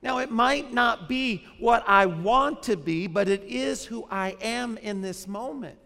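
A man's voice: high-pitched, measured pace, sharp tone, long reverb tail. A man, a pastor, preaching a sermon in a conversational way, often putting questions to the congregation.

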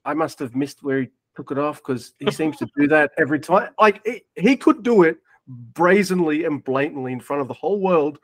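A man from Australia co-hosting a casual podcast chat, relaxed and swearing casually. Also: on the high side, brisk, dry recording. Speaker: podcast co-host.

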